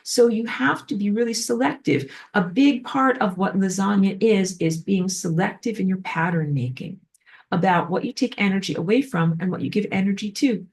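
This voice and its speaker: A woman giving a spiritual class lecture in an animated way, filled with frequent "like". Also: medium pitch, moderate pace. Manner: animated, acts out quoted voices, frequent "like". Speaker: spiritual teacher.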